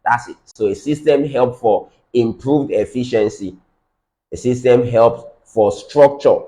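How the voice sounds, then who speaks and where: A man's voice: mid-range voice, measured pace, warm tone. A man leading a live-streamed business training, repeating his key points emphatically. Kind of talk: live-streamed teaching session.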